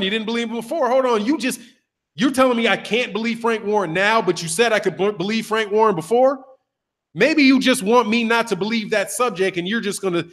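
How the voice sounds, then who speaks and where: A middle-aged man hosting a boxing channel, talking in a casual, animated, profane monologue. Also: high voice. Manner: animated, profane, acts out voices of others.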